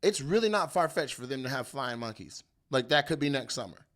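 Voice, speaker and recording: A male comedian hosting his own show, riffing on the news in a loud, animated, profane rant. His voice is bright and forceful, and he keeps jumping into exaggerated bits. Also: mid-range voice, fairly quick. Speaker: comedian host.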